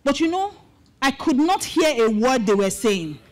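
A middle-aged Nigerian woman pastor shares her story in a spirited testimony sermon, dropping Pidgin asides along the way. She has a high voice and speaks at a moderate pace.

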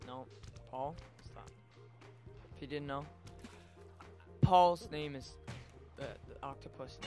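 Excitable high-voiced young man gaming. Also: measured pace, pauses often, soft background music. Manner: excitable, yelps and shouts at sudden moments. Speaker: gaming video host. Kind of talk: casual gameplay commentary.

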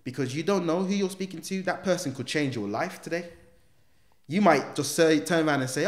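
A man's voice: a little high, a little fast, reverberant. A man, a guest in a casual interview, telling his story with street slang and acting out the dialogue. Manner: animated storyteller who acts out quoted dialogue, street slang. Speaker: guest, former gang member turned motivational speaker.

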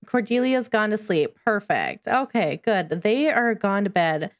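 A woman's voice: mid-range voice, sing-song, unhurried. A young woman chatting through her gameplay as a channel host, exclaiming often. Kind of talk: gameplay commentary.

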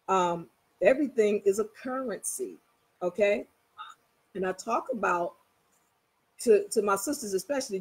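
A woman with a fairly high, husky voice gives a casual motivational talk. She tells little everyday scenes with animation and keeps checking in with her listeners. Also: low-quality recording. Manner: animated, storytelling, coaxing listeners. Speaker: spiritual teacher.

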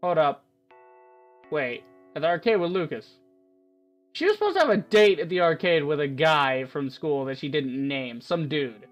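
A man hosting a let's-play, rambling and excitable in his game commentary, laughing often as he talks. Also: fairly high pitch, moderate pace, soft background music.

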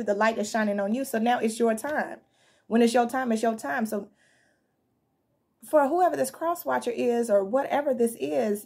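A woman's voice: a little high, a little mellow, slightly rough. A woman giving a casual, slangy tarot reading to her viewers, sounding like she just woke up. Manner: chatty, slangy, addresses viewers as y'all and fam. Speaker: tarot reader.

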